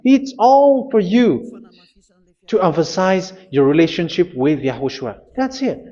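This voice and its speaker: Male preacher, high-ish voice, forceful repeated commands, dull lo-fi audio. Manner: emphatic, repetitive commands with hesitations. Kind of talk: sermon.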